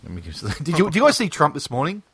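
A man's voice: on the high side, wildly swooping pitch, very fast, a bit bright, slightly rough. A man co-hosting a casual political chat, blunt and profane, joking and swearing freely.

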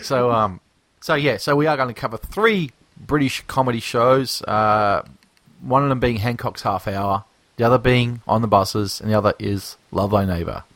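A man's voice: medium pitch, normal speed, fairly bright tone, no echo. An Australian man co-hosting a podcast, chatting casually and rambling with lots of fillers and jokes. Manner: rambling, filler-heavy, joking. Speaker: podcast co-host. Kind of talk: casual chat.

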